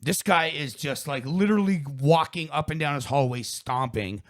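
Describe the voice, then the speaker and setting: A man's voice: fairly high pitch, normal speed. A young man hosting a podcast, telling a story in casual chat, swearing often and acting out what people said. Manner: animated storyteller, swears a lot, acts out quotes. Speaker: podcast host.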